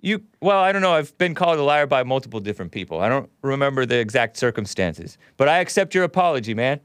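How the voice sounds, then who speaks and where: A man's voice: mid-range voice, sing-song, quick pace, fairly bright tone, clean tone, no echo. A man hosting a call-in show, talking in a rambling way that often breaks off and laughs. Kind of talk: casual call-in talk.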